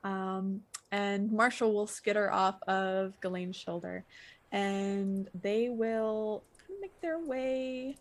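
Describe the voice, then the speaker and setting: A woman running a tabletop role-playing session, narrating in a loose, casual way. She hesitates often and fills pauses as she thinks aloud, at an ordinary middle pitch. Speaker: game master.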